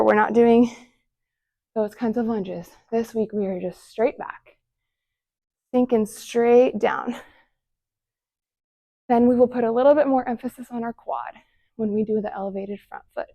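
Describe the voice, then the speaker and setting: A woman's voice: fairly high pitch, steady tone, a little slow, creaky, long pauses, warm tone. A young woman leading a follow-along home workout, encouraging and counting down reps, audibly out of breath between sets. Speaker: fitness instructor.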